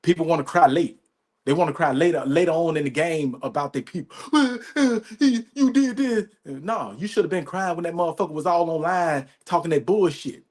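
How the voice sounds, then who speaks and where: A podcast host ranting in an emphatic, profane, repetitive way, often asking "you know what I'm saying". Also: male voice, fairly high pitch, brisk, a little mellow. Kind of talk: profane commentary rant.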